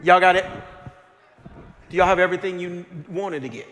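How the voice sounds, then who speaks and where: A male pastor telling a story during a sermon, acting out the people in it with laughter and shouts. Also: high voice, normal speed, noisy background. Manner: animated, acts out people in his story, laughing and shouting at times. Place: large church sanctuary with congregation. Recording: live church hall with faint crowd.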